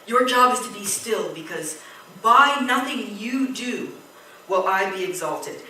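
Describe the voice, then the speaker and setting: A woman preaching a sermon in a church, telling a story with lively quoted voices. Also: medium pitch, measured pace, a little hiss or hum. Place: church hall. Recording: echoey church hall, distant mic.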